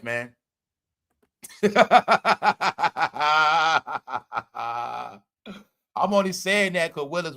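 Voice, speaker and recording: Guy on a livestream going off, high bright voice, cussing and cracking up. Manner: loud, laughing, profane, repeats "all right?". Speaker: commentary livestream host. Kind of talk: casual livestream commentary.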